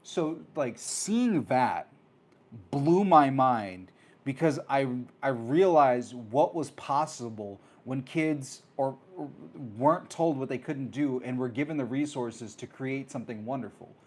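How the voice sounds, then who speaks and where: A man hosting his own talk show, telling a personal story in a casual, animated way and acting out the voices of people he met. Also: mid-range voice, measured pace. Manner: animated, acts out quoted voices. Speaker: host.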